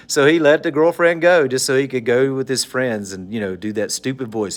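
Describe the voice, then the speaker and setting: A man teaches a recorded civics lesson. He talks in a loose, conversational way, cracking small jokes and repeating terms for note-takers. His voice sits at an ordinary middle pitch. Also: normal speed, hardly any pauses. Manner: conversational, jokey, repeats points for note-taking.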